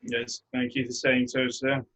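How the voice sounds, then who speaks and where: A man voicing a weary, gruff city guard with a dry, understated manner in a tabletop game. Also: medium pitch, monotone, unhurried, fairly bright tone.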